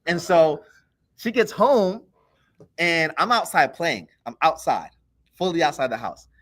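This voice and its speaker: A man on a podcast telling a childhood story in a casual, animated way, acting out the voices of the people in it. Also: on the high side, unhurried. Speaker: podcast co-host.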